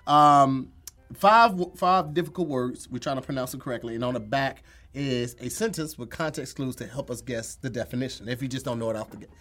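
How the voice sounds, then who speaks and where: A man's voice: mid-range voice, brisk, fairly bright tone. A man hosting a casual comedic word game, tired and teasing, laughing often. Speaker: host.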